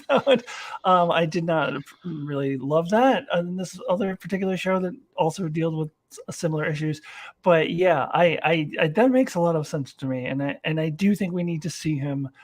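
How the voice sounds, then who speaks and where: A male co-host joins the podcast chat in an easygoing, agreeable way. His voice is a touch higher than most men's, and the recording is dry and close. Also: no echo. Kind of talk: casual podcast discussion.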